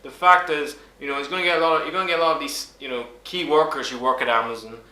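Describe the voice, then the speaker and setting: A man's voice: fairly high pitch, fairly even intonation, fast talker, pushed and bright. A man in his twenties ranting angrily to camera, swearing hard and stressing his words. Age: 20s. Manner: furious, swearing, emphatic. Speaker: YouTuber. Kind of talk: angry vlog rant. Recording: echoey room.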